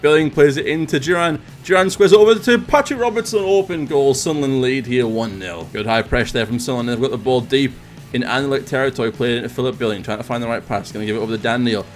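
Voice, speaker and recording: A man commentating on video game football highlights, getting loud and excited at goals. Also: fast, soft background music. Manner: excitable, rising sharply on goals. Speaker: gaming commentator.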